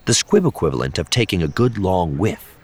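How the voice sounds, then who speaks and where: A man narrating an audiobook in a measured, expressive way. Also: low voice, slightly rough. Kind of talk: scripted narration.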